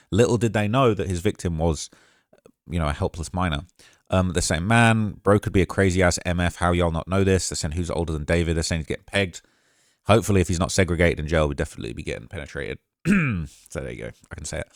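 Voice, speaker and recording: A man hosting a commentary video, reading out chat messages and reacting to them in a casual, quick-fire way. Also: sits low, no echo, clean studio sound. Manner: fast, casual, talks over quotes with quick asides. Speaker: commentary channel host.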